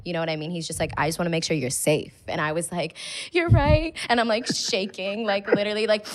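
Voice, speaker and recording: A woman in her twenties co-hosting a podcast, telling a story in a giggly, animated way and saying "like" constantly. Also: fairly low pitch, quick pace. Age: 20s. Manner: animated and giggly, heavy use of "like". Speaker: podcast co-host and producer.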